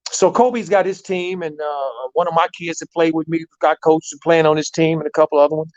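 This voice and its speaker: Male coach, lively storyteller, fairly high voice, dull lo-fi audio. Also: fairly quick. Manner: animated storyteller, repeats words, many fillers. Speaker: basketball coach. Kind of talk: storytelling in a talk show. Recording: dull lo-fi sound.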